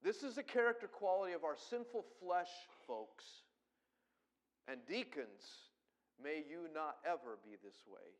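A middle-aged male pastor from Colorado delivers a sermon in a fairly high voice. He rushes along, then pushes single words out hard and loud for emphasis. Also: lively intonation. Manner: fast-paced preaching with sudden loud emphatic swells.

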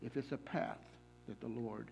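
A man preaching a sermon in church, slowing down to stress the scripture he quotes and often pausing with fillers and repeated words. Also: mid-range voice, steady tone, creaky, darkish tone, a little hiss or hum.

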